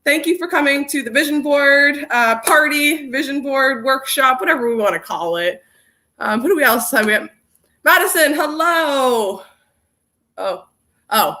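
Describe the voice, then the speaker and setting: A woman's voice: fairly high pitch, moderate pace, bright, forceful tone. Bubbly young woman hosting a livestream. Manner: bubbly, greets viewers by name and reads comments aloud. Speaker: workshop host. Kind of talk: casual livestream chat.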